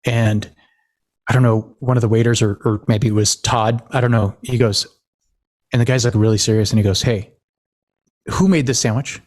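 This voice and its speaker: A man's voice: on the low side, flat delivery, brisk, darkish tone. A man hosting a podcast, casually telling rambling family stories, laughing often and acting out what people said. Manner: rambling storyteller, laughs often, acts out quotes. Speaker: podcast host.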